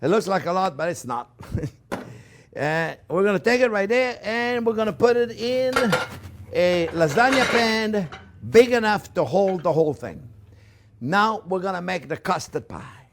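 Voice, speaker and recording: Effusive chef, lively pitch. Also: male voice, unhurried, background noise. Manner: effusive, croons "oh yeah, baby" to the food; often drops to soft murmurs over the dish. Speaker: cooking show host. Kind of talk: casual cooking demonstration.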